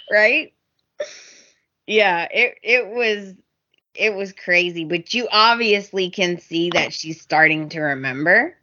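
A woman's voice: lowish voice, slow, sharp tone, muffled recording. A woman co-hosting a casual podcast, recapping a soap opera and acting out the characters' lines with animation. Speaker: podcast co-host.

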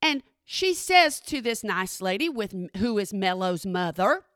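Chatty woman with a bright voice. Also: medium pitch, a little slow, dry recording, studio quality. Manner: chatty and animated, often checks in with the listeners. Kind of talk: casual spoken storytelling.

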